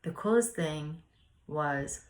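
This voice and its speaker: Woman, low voice, spiritual podcast host; loose, rambling, heartfelt storytelling. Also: lively intonation, slow pace. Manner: rambling, earnest, many "like" fillers. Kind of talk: casual spiritual reflection and storytelling.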